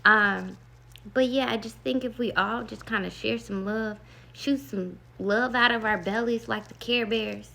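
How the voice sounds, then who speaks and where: Gravelly bright-voiced woman telling a story. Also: a little high, fairly even intonation, a little slow, slight background noise. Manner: rambling, earnest, lots of "like". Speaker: meditation vlogger. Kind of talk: casual storytelling to camera.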